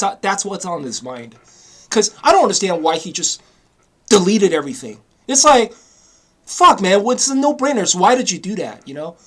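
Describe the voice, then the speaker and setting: A vlogger delivers an angry, casual rant, swearing often, repeating himself, and tossing in frequent "you know?" asides. His voice is high with a fairly bright tone.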